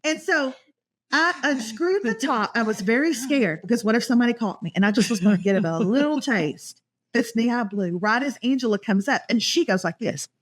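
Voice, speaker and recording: Lively high-voiced woman storyteller. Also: moderate pace. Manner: laughs often while telling stories. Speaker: podcast host. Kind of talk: casual storytelling among friends.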